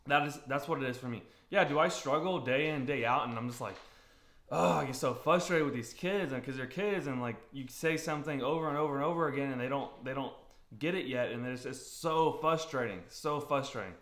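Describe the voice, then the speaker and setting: A young man talks through a loose, unscripted vlog monologue as a youth baseball coach, circling back over his points and clearing his throat now and then. His voice sits at a middle pitch. The room around him rings with a noticeable echo. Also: fairly quick, a bit bright. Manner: candid, repeats himself, frequent throat-clearing. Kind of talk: casual rambling monologue. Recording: roomy echoey room sound.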